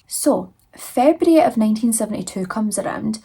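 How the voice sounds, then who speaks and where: A woman's voice: fairly high pitch, animated, normal speed, gravelly, dark tone, slightly rough. A young woman casually retelling a true crime story in a chatty, conversational way, full of fillers and asides.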